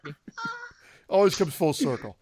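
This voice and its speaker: Man, slightly high voice with a lot of pitch swing, joking casual podcast talk. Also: huge pitch swings, measured pace, vocal fry, very noisy. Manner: joking, laughing through his explanations. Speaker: podcast co-host. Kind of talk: casual chat.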